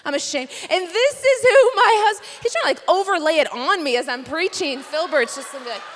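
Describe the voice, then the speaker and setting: A woman's voice: very high voice, expressive, a little fast, a little hiss or hum. A young woman preaching at a conference, telling a personal story in a playful, chatty way with asides to the crowd. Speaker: conference speaker. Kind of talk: sermon. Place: large conference hall. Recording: reverberant conference hall.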